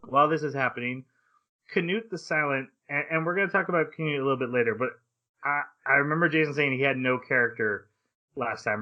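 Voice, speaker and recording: A grown man talks through a story on a casual podcast, full of fillers and breezy paraphrase. His pitch sits in an ordinary middle range. The audio is a bit dull and lo-fi. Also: sharp tone. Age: adult. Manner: recaps the plot at length with fillers and playful paraphrased quotes. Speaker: podcast host. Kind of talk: casual anime discussion podcast.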